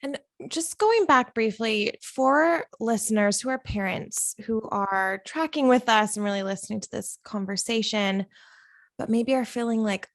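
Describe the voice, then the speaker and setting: A woman's voice: fairly high pitch, a little slow, no room sound, studio quality. A woman hosting an interview, responding in an affirming, emotionally moved way. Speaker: podcast host. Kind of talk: conversational interview.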